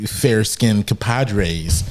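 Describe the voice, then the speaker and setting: A man voicing a pompous graduate, halting and full of pauses. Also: on the low side, very noisy.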